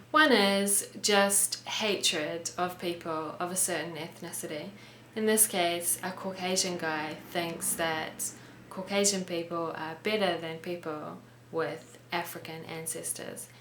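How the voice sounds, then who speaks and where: A woman with a New Zealand accent gives a relaxed English lesson. She explains idioms and models pronunciation clearly, with a slightly low voice. The recording is roomy, with a faint hiss behind it. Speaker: English teacher and host.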